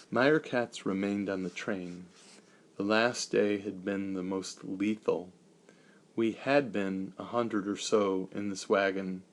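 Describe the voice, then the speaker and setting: A man reading a first-person memoir as an audiobook, measured and solemn. His low voice carries a gravelly rasp. He takes his time over every line. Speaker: narrator.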